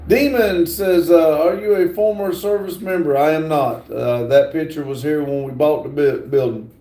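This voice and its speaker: A man hosting a casual live stream, slowly reading viewer comments aloud with lots of fillers. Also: on the high side, warm tone, roomy sound. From United States. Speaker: livestream host reading chat.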